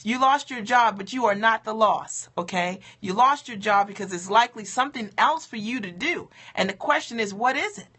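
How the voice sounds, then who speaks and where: A woman's voice: a little high, moderate pace, hardly any pauses, a bit bright, husky. A woman coach giving an upbeat, encouraging motivational talk on a livestream, often checking in with "okay?" and "right?". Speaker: coach for mothers in business.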